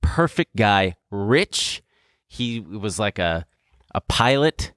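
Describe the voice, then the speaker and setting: Podcast co-host, male, deep-set voice, frank and laughing as he recounts. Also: very animated, slow, fairly bright tone, clean tone, dry recording, clean studio sound. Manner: candid, laughs through his story, swears freely. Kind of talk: casual storytelling chat.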